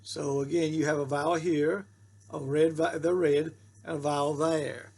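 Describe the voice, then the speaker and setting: A man's voice: on the high side, level tone, normal speed, vocal fry, a little mellow, slightly rough. A man teaching a Hebrew lesson, patiently repeating rules and sounding out syllables. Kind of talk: slow classroom-style lesson.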